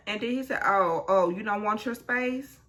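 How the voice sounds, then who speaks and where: A woman's voice: medium pitch, moderate pace, pushed and bright. A woman hosting a casual recap vlog, retelling a reality show scene with blunt asides and acting out the quotes.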